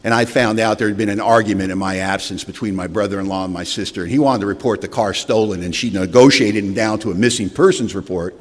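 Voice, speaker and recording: A man with a lowish voice tells his own story of recovery, blunt and wry, sometimes acting out old arguments. He speaks at a podium microphone in a meeting hall, and his words ring out with a long reverb. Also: fast, hardly any pauses. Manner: candid, wry storytelling that acts out past dialogue. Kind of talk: personal recovery testimony.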